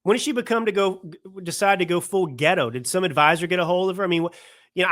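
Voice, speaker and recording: Quick-paced and high-pitched, with a fairly bright tone, this male host of a political commentary show is somewhere in his 30s to 40s. His delivery is heated and forceful, and he frequently says the same things again.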